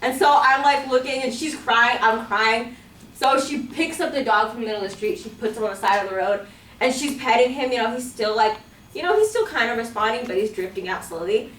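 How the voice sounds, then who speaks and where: A woman's voice: a little high, fairly quick, a bit bright, a little hiss or hum. A young woman giving a casual storytelling speech to a class, full of fillers and acting out her own reactions. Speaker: student speaker. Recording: echoey room from far off.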